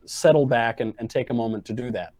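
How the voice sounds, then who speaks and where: Dry-witted man with a mellow voice. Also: mid-range voice, fast talker, no echo. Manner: wry, deadpan humor. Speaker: guest commentator. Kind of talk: casual chat.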